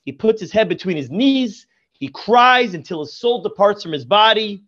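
A man's voice: sits high, expressive, normal speed, a bit bright, lo-fi sound. A man, a rabbi guest on a podcast, teaching Torah through storytelling and effusive in his praise. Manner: effusive, repeats praise often.

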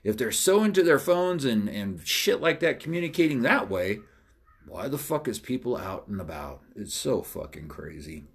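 A man hosting a podcast, ranting alone in a loud, blunt way, swearing constantly and acting out both sides of past conversations. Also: lowish voice, sing-song, normal speed, vocal fry, slightly rough. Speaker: podcast host. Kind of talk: profane solo rant.

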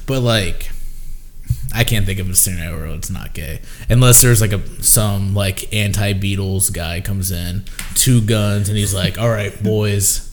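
A man's voice: deep voice, a little slow. A young man co-hosting a podcast, rambling and joking in casual chat, full of fillers. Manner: rambling, jokey, filler-heavy. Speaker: podcast co-host.

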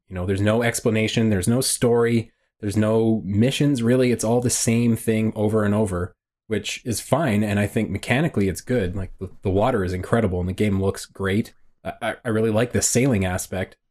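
A man hosting a gaming podcast in casual chat, blunt in his opinions. His voice sits a little low. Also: darkish tone. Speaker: podcast host.

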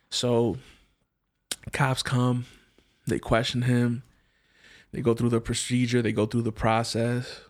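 A man's voice: mid-range voice, a little slow, long pauses. A man telling a personal story in a casual, slangy way, acting out the other people's lines and often restarting his sentences. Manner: slangy, animated, acts out quoted voices; frequent restarts and repeated words.

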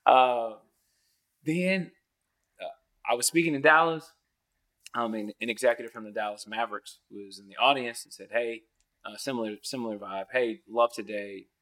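A man guesting on a podcast, telling stories casually and acting out other people's lines with big jumps in pitch, laughing often as he goes. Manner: animated, acts out quoted voices with big pitch jumps; laughs often mid-story. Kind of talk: casual storytelling.

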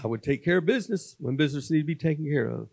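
A man's voice: on the high side, animated, rapid-fire, vocal fry. Folksy man preaching a testimony. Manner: folksy storytelling, swings from loud preaching to quiet confiding. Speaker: guest speaker at a church. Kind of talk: sermon testimony. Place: church sanctuary.

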